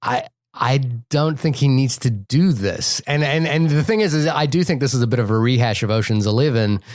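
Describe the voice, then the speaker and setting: A man's voice: medium pitch, moderate pace, darkish tone, no room sound, studio quality. A man co-hosting a movie podcast, talking casually and stumbling through many restarts and repeated words. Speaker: podcast co-host. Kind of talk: casual movie review chat.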